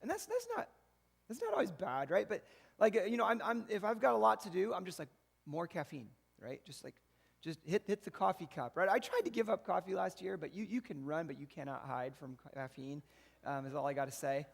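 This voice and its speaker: A man's voice: high-pitched, big pitch swings, fairly quick, vocal fry, husky. Guy preaching a sermon, easygoing and chatty, keeps saying right?, echoey church hall. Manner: conversational preaching with frequent "right?" asides. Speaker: pastor.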